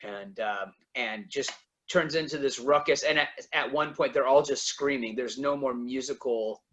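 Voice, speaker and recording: A man's voice: medium pitch, normal speed, a bit bright, a little hiss or hum, rough recording. A man playing a tabletop game, describing his character's actions in a hesitant way with many fillers. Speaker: player. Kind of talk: casual in-character play narration.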